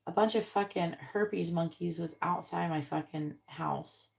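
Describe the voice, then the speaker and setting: A woman doing a live tarot reading, softly repeating card draws and talking bluntly between them, with occasional swearing. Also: fairly low pitch, measured pace, vocal fry. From Florida, United States. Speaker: tarot reader.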